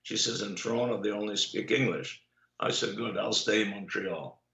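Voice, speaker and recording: Low and gravelly but bright and forceful, an older man who survived the Holocaust shares stories as a guest in an interview. He takes his time, spinning anecdotes punctuated by many "uh" pauses, and the recording is echoey, dull and lo-fi.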